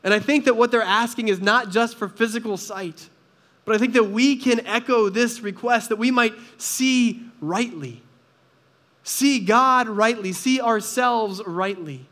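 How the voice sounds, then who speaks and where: A man's voice: very high-pitched, moderate pace, fairly bright tone. A man preaching a sermon in an earnest, conversational way, often asking the listeners rhetorical questions. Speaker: pastor.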